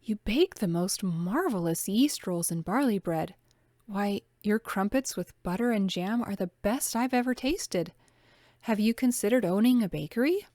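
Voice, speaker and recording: A woman's voice: medium pitch, lively intonation, normal speed, darkish tone, no echo, close to an everyday voice. Woman doing a proper young lady, earnest, cheering her friend on, dry voice. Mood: warm.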